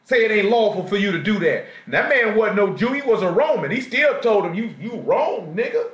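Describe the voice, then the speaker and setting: A man with a high, bright-ish voice and lively intonation preaches briskly, delivering a slangy street-talk sermon and often asking the congregation questions. His Southern US accent is from Jacksonville, Florida. It's a live stream from an echoey church assembly room.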